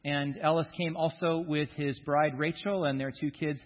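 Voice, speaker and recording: A man's voice: a little high, fairly even intonation, moderate pace. A man preaching a sermon as pastor in a church sanctuary, joking with the congregation before reading scripture. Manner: jokey, self-deprecating banter with the congregation. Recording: dull sound with long hall reverb.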